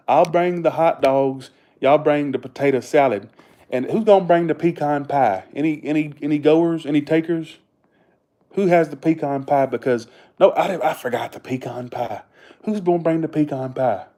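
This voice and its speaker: A man's voice: a little high, moderate pace, mellow, pitched above the performer's own voice, close to an everyday voice. A man with a Southern US accent playing a fussy cookout organizer, drawling and sing-song. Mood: fussing.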